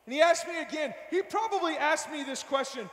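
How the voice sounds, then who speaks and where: A man giving a fervent, loud youth sermon, slangy and direct with his listeners. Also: very high-pitched, lively intonation, brisk. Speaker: youth speaker. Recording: echoey hall with long reverb.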